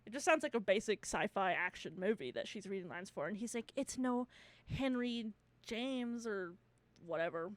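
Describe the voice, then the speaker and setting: A woman's voice: medium pitch, animated, normal speed. A young woman co-hosting a casual chat, retelling a movie plot, laughing often, swearing freely and acting out the characters' lines. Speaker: podcast co-host.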